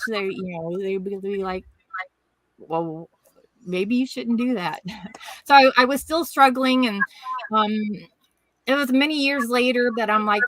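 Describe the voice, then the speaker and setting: Bright-voiced woman telling a rambling story. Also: on the high side, no echo, low-quality recording. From Washington State, USA. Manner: rambling, acts out quoted voices. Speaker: podcast guest. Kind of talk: casual storytelling chat.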